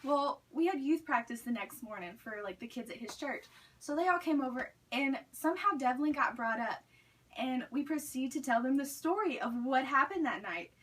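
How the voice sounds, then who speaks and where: This young woman's voice is high-pitched, expressive, a bit bright and husky, moving at a moderate pace as she chattily tells a story. The student scatters "like" throughout her sentences, and the recording was made from a distance.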